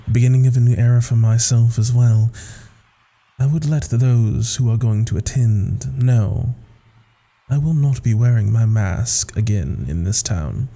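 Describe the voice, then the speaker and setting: A man voicing a serpent-haired heroine who speaks with formal poise and measured pacing. The voice is low-middle and mellow, with little brightness. She sounds like a fantasy role-play character. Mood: poised. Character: serpent-haired woman adventurer, regal and guarded.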